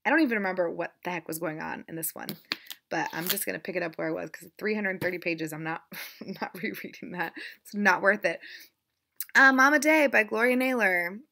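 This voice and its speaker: A woman's voice: on the low side, brisk, vocal fry, pushed and bright. A young woman casually chatting about her reading, rambling and self-deprecating. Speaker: book vlogger. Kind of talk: casual chat.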